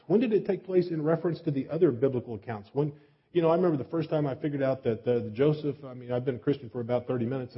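A man's voice: on the high side, breathy edge. A man preaching a sermon in a folksy, self-deprecating way, asking his listeners many questions. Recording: slightly dull, lo-fi recording.

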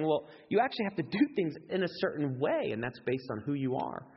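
Husky male preacher in an echoey hall. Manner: animated, acts out excited quotes with big pitch jumps. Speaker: pastor. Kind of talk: sermon. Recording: echoey hall, dull lo-fi sound.

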